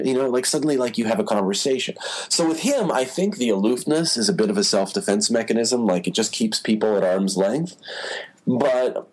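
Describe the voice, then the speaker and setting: A man's voice: medium pitch, animated, moderate pace, slightly rough, rough recording. A man talking as a podcast guest, telling stories casually with lots of filler words. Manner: chatty storyteller, many "you know" fillers. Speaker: entertainment journalist guest. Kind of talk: casual interview talk.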